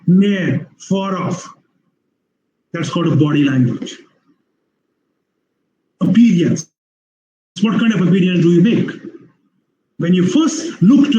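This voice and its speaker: A male lecturer with an Indian English accent and a high voice that stays mellow. He explains patiently, repeating himself and restarting sentences. His webinar audio sounds muffled and roomy. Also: a little hiss or hum. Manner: repetitive, explanatory, many fillers and restarts. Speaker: university lecturer.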